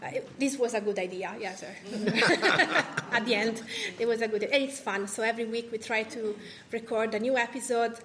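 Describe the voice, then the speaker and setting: A woman's voice: on the high side, fairly even intonation, fairly quick, a crowd in the background. A woman from Italy with an Italian accent, a food writer and podcast host talking on a live panel, chatty, with many fillers and restarts. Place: cultural association event room.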